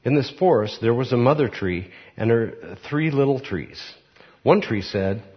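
A man preaching and then reading a children's story aloud, unhurried and reflective, with fillers. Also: mid-range voice, animated, in a large hall. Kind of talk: sermon with a read-aloud story. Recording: muffled recording.

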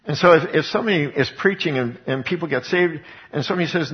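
A man's voice: fairly high pitch, quick pace, hardly any pauses, dull audio. A man preaching a Bible teaching sermon, retelling scripture as conversational storytelling. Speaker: pastor.

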